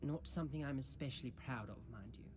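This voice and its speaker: An actor playing a polite, refined young male student in a video game, courteous and measured. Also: medium pitch, noisy background, close to an everyday voice.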